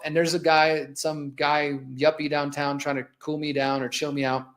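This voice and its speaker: A man's voice: on the high side, steady tone, a little fast, hardly any pauses, fairly bright tone. A man in his forties hosting a live show, telling a personal story in an impassioned, conversational way while narrating video clips. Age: 40s. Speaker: host.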